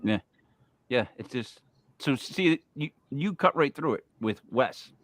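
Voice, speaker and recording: A man's voice: mid-range voice, expressive, a little slow, a bit bright, dry recording. A man hosting a casual podcast chat, talking emphatically and repeating words as he makes his point. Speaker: host.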